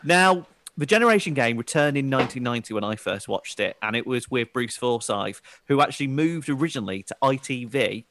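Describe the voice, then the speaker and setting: A man co-hosting a casual podcast, telling stories with animated bursts of impressions. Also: mid-range voice, a little fast, background noise. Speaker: podcast co-host. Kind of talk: casual chat.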